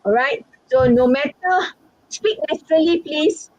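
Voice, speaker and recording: A fairly high-voiced woman with a Malaysian English accent coaches students for a speaking exam, chatty and animated, stopping often to ask "all right?". The sound is dry and a little muffled, like a lo-fi online class recording. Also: measured pace, no echo. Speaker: English teacher and exam examiner. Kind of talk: online exam-prep lesson.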